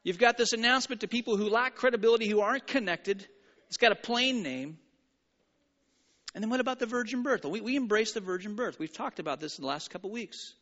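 A man preaching a sermon, animated and playful with frequent stumbling restarts, in an echoing church hall. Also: high-pitched. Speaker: pastor. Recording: reverberant hall, dull sound.

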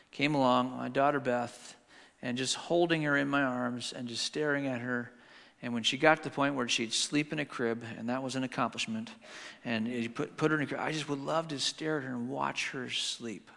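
A middle-aged man preaching a sermon, telling family stories and swinging between hushed and loud. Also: medium pitch, creaky. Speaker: pastor. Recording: long hall reverb.

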